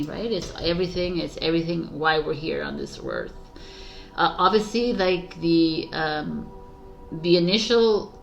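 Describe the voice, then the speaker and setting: A woman with a slightly low voice reading tarot for her viewers, rambling and chuckling as she goes. She talks in a casual, spiritual way. Soft music plays faintly underneath. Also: gravelly. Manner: warm, spiritual, laughs often, rambling. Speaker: tarot reader.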